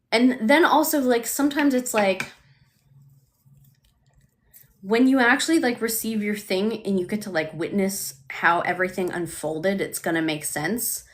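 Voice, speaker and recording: A woman coaching on manifestation in a casual live stream, chatty and full of "like", acting out quoted self-talk. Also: medium pitch.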